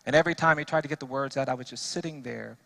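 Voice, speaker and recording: Earnest bright-voiced man telling stories. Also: mid-range voice, rapid-fire, gravelly. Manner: earnest, soft-spoken in sad passages, builds to emphatic repetition. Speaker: defense lawyer speaking to a church audience. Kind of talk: personal storytelling speech with preaching.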